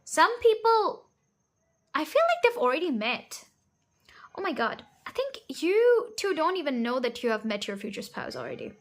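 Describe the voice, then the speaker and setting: A woman's voice: sits high, wildly swooping pitch, moderate pace. A woman giving a pick-a-card tarot reading, direct and reassuring, often checking in with "okay?" and laughing at her own bluntness. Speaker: tarot reader.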